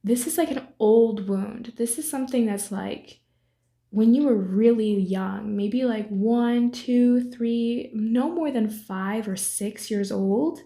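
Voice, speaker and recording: Young woman tarot reader, casual and chatty, warm mellow tone, slightly high voice. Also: slow. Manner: chatty, many fillers, ends points with 'right?'. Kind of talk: casual tarot reading to camera.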